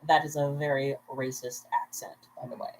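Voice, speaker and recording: A woman's voice: extremely low pitch, little pitch movement, brisk, a little hiss or hum, poor audio. A tipsy woman at home at bedtime, hosting a casual livestream where she rambles, laughs often and makes chatty asides to her viewers. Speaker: vlogger, livestream host.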